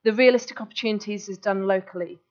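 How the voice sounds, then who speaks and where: A woman speaking to a gathered audience in a keen, conversational way, often breaking off and restarting her thoughts. Her voice sits at an ordinary middle pitch. The recording is dull and lo-fi. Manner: enthusiastic, chatty, quick restarts. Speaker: guest speaker. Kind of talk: live talk to an audience. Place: meeting room with audience.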